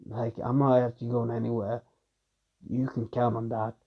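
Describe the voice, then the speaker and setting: A man's voice: mid-range voice, flat delivery, normal speed, lightly acted. Man reading a young male fighter protecting his sister; plain everyday voice, muffled lo-fi sound. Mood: reassuring. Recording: dull lo-fi recording.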